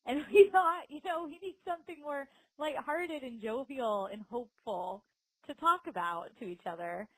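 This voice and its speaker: A woman's voice: high voice, normal speed, dry recording, low-quality recording. A woman co-hosting a podcast in casual chat, laughing often and talking with lots of fillers. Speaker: podcast co-host.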